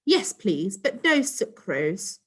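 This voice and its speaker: A woman's voice: mid-range voice, sing-song, slow pace, slightly rough, exaggerated voice. A woman voicing a friendly, polite green alien lady neighbour in a children's storybook. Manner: bright, twinkly, polite.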